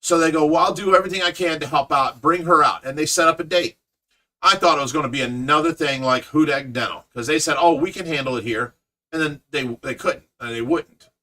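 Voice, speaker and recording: A middle-aged man with an Ohio accent tells a rambling story in casual livestream chat, acting out other people's lines as he goes. His voice sits a little high and sounds bright and forceful. He is caught from some distance by the mic. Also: a little fast. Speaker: fish rescue owner and caregiver. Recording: voice picked up from a distance.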